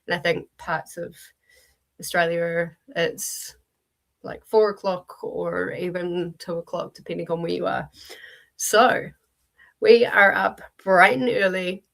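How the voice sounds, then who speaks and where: Gravelly-voiced New Zealand woman, morning voice. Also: on the low side, steady tone, slow, a bit bright. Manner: chatty, addresses viewers directly, frequent ums. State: early-morning voice. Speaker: livestream host leading reading sprints. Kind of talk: casual livestream chat.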